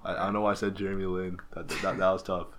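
A man's voice: deep voice, level tone, quick pace, noisy background. A young Canadian man being interviewed as a baseball player, laid-back, laughing often and stammering through his answers. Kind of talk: casual interview chat.

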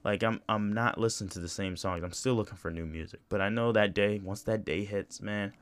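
A man's voice: lowish voice, fairly quick, clean tone, no room sound. A young man hosting a solo podcast, talking casually in a rambling, profane way with lots of "you know" and restarts. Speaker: podcast host.

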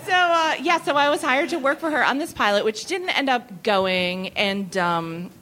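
A woman in her thirties telling a comic anecdote at a live venue, animated and often laughing. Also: sits high, normal speed. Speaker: comedy writer guest. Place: live venue before an audience.

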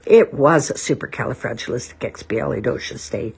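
A woman reading aloud and voicing a polite, cheerful young girl with a high, bright voice. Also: a little fast, vocal fry, slightly rough, heavily acted.

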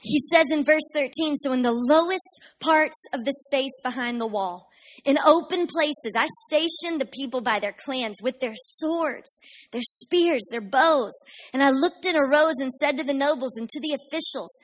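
A woman pastor preaching a sermon with passion, building up to shouted declarations of faith. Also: high voice, normal speed.

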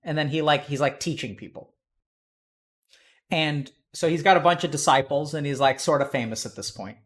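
Male advice host, slightly higher voice, blunt and casual, swears, storytelling with voices. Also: normal speed. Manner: blunt, swears freely, tells stories with acted-out voices.

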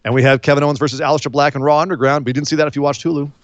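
Man, podcast co-host, casual chat, a bit high, dry lo-fi audio. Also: racing, no room sound. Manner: animated, mocks wrestlers in silly voices.

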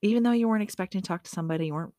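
A woman's voice: medium pitch, very fast, mellow, dry recording, clean studio sound. A woman hosting a motivational podcast, chatty and upbeat, often correcting herself and making asides to herself. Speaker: podcast host.

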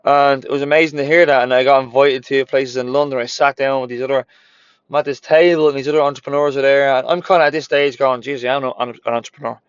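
A man's voice: medium pitch, steady tone, quick pace, clean tone, no echo, highs cut off. Candid man telling his story, swearing freely. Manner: candid, swears freely, repeats phrases for emphasis. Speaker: gym owner and former personal trainer. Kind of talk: motivational storytelling.

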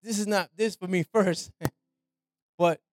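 A man's voice: sits high, fairly even intonation, unhurried, dry recording. A man preaching an informal sermon in a loose, conversational way, often asking his listeners "right?" and dropping "man" into his talk. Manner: slangy, repeats "man" and "right".

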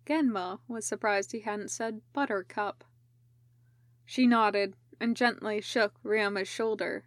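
Kobieta powoli czytająca opowiadanie. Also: female voice, medium pitch, steady tone, slow, dry recording, studio quality. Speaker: podfic reader. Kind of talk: audiobook narration of fan fiction.

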